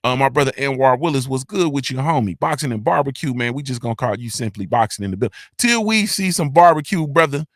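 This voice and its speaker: A male host doing casual livestream shout-outs in a loud, hyped, sing-song roll call full of slang. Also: mid-range voice, lively intonation, fast, few pauses, no room sound, clean studio sound.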